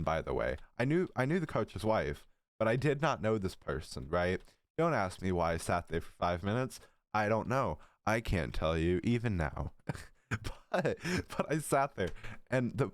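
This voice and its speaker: A teenage boy with a low, deep voice tells stories in a giggly, rambling way, tossing in profane asides. His throat sounds a little dry, and the recording is close and dry, with no room sound. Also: no room sound. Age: teens. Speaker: storytelling creator. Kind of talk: casual storytime vlog.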